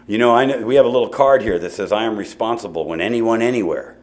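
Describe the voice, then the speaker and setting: Fast-talking and on the low side in pitch, a middle-aged man addresses an audience in a meeting hall at a recovery meeting. He tells his story casually, drifting into asides and saying "you know" again and again.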